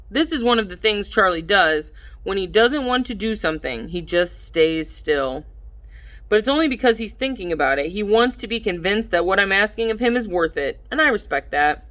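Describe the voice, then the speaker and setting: A woman reading a first-person audiobook in a measured way, livening up the dialogue. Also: mid-range voice, animated, a bit bright. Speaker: audiobook narrator.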